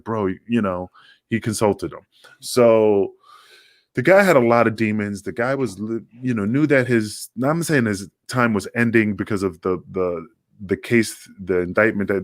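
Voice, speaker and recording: A man co-hosting a podcast, telling rambling, animated stories in a casual chat. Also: fairly low pitch, dry recording, studio quality. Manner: rambling, animated storytelling with acted quotes. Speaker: podcast co-host, former wrestler.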